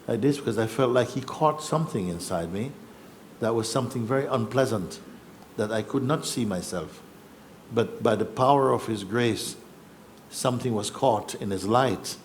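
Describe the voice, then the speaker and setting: A man giving a spiritual talk, telling a personal story in an unhurried, reflective way with soft laughs and hesitations. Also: mid-range voice, slight background noise. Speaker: spiritual teacher. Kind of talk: satsang storytelling. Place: satsang gathering in Rishikesh.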